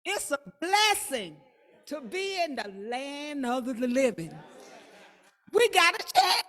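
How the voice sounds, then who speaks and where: An older woman from Michigan giving an excited, emotional church testimony. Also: high-pitched, slow. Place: church assembly hall.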